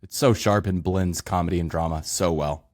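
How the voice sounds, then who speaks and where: A man's voice: deep voice, normal speed. A man co-hosting a movie podcast, talking loosely with many fillers and restarts. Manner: rambling, loose filler-laden phrasing. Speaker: podcast co-host. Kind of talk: casual movie chat.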